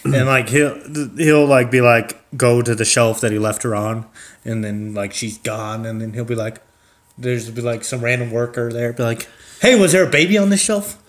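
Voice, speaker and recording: A man's voice: mid-range voice, level tone, moderate pace. Man chatting casually, laughs often. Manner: laughing often, acts out lines of dialogue. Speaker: co-creator describing a character. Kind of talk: casual chat.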